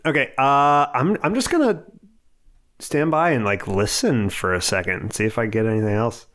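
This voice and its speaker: A man's voice: medium pitch, expressive, a bit bright. A man playing a tabletop game, asking questions in a tentative way and joking around with the game master. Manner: tentative, joking, quick to laugh. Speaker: player. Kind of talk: casual tabletop game play.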